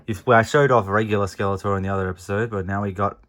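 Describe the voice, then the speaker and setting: Deadpan man reviewing toys. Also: lowish voice, rapid-fire. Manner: deadpan absurd storytelling, swearing. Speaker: toy reviewer. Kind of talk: comedic toy review.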